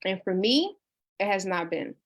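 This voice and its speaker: Hosting a book discussion on a livestream, a woman in her thirties who works as a life coach reads viewers' comments in a casual, earnest tone. Her voice is medium-pitched with lively intonation and a moderate pace, and she restarts often, saying "you know" frequently.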